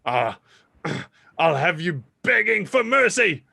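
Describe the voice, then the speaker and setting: A man voicing a raspy, vengeful old male villain who draws out his threats slowly. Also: high voice, very animated, pushed and bright, dry recording, clean studio sound, pitched above the performer's own voice, full character voice. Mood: threatening.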